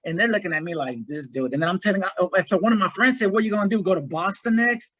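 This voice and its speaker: A man in his forties, an ultrarunner guest, telling his story in a rambling, energetic way. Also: sits high, racing, breathy edge, low-quality recording. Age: 40s. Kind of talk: casual interview conversation.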